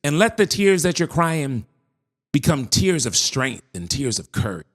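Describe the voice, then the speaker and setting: A man's voice: a little high, sing-song. Emphatic male motivational speaker. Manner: slow, emphatic, with dramatic pauses. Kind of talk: motivational speech.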